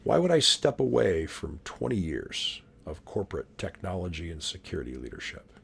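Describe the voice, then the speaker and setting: A man hosting his own video series, telling history stories as a dramatic monologue with whispered asides and sudden loud bursts. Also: low voice, very animated, moderate pace, creaky, husky.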